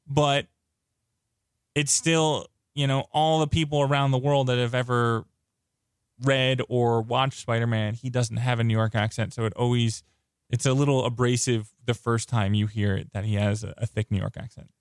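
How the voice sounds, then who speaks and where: A man co-hosting a casual film review podcast, talking with eager, rambling enthusiasm and frequent restarts. His voice sits at an ordinary pitch and sounds close and dry, with no room around it. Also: normal speed, clean tone, dry recording. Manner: excitable, rambling fan talk with restarts. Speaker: podcast co-host. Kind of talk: casual movie review chat.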